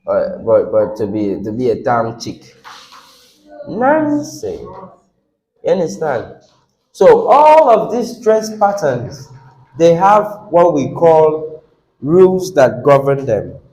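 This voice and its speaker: Lively, slow-talking man teaching a class. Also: medium pitch, poor audio. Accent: Nigerian English. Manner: coaxing, repeats words and asks the class questions. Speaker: English teacher. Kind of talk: classroom lesson on word stress.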